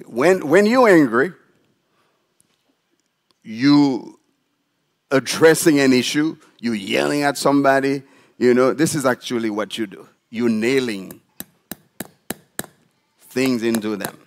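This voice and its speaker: Animated pastor preaching a sermon. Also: male voice, mid-range voice, slow pace, pauses often. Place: church sanctuary.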